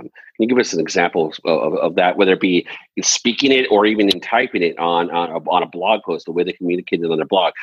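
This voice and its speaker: This is a man with a very low, husky voice who hosts an interview in an earnest, stop-and-start way. The sound is dull and dry, like a lo-fi recording. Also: no room sound. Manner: earnest, many restarts. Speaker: podcast host. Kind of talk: casual interview.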